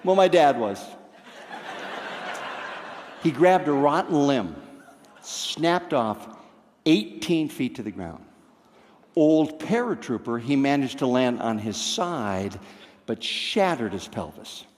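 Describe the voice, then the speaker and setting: A man's voice: medium pitch, sing-song, slow, long pauses, darkish tone. An older man telling a personal story on stage with wry, understated humor. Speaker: storyteller comedian. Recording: long reverb of a theater hall.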